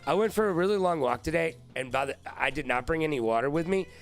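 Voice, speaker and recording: A man hosting a live-stream trivia game, excitable and profane, riffing with his chat. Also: a little high, fast, faint music behind.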